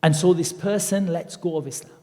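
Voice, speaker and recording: Male preacher, animated and conversational, somewhat high pitch, recorded in an echoing mosque hall. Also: fairly quick. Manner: animated and conversational, acting out quoted voices. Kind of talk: Islamic lecture.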